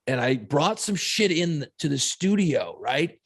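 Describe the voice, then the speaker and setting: A man's voice: a little high, unhurried, breathy edge. A man co-hosting a podcast, chatting casually and swearing freely while he tells stories. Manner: profane, animated storyteller. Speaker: podcast co-host. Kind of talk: casual chat.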